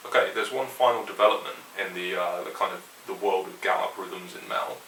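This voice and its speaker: A man teaches guitar in a relaxed, opinionated way, counting along as he plays. His voice sits very low but has a bright edge. He is recorded from a distance in an echoey room, with a faint hiss underneath. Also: fairly quick. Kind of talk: instructional explanation. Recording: roomy echo, mic at a distance, faint hiss.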